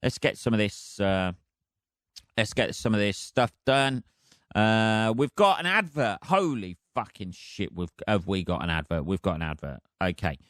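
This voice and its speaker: A man's voice: fairly low pitch, big pitch swings, normal speed, fairly bright tone, dry recording, studio quality. A man hosting a solo podcast, rambling casually with heavy swearing and chuckles. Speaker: podcast host.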